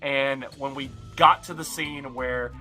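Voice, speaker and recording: A young man narrating a look back at his own videos as a YouTuber, with animated, jumpy emphasis. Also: mid-range voice, slow pace. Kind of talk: retrospective narration. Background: faint music.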